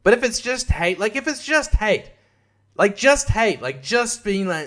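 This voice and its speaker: A man's voice: high-pitched, sing-song, a little slow, fairly bright tone. An Australian man hosting a podcast, ranting in a casual monologue that is profane and sarcastic, laughing often. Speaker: podcast host and comedian.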